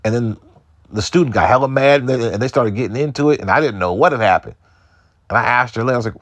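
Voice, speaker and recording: A man's voice: medium pitch, quick pace, no echo. A man from Seattle hosting a podcast, telling profane, loose stories in a casual monologue and mimicking other people's voices. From Seattle, United States. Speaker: podcast host.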